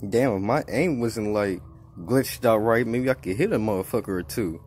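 A man giving casual let's-play commentary, profane and excitable, trash-talking as he plays. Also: lowish voice, normal speed, a little hiss or hum. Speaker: gaming YouTuber. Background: game music.

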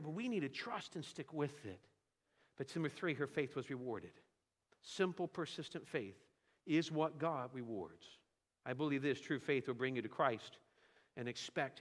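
A man's voice: a little high, fairly bright tone. A man preaching a sermon as a visiting pastor, telling homespun stories with humor and animation. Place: church sanctuary. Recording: church hall reverb.

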